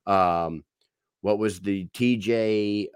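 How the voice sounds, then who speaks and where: A man hosting a podcast, telling a story in excitable, profane casual chat. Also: on the low side, very slow, clear, resonant tone, no room sound, clean studio sound. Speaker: podcast host.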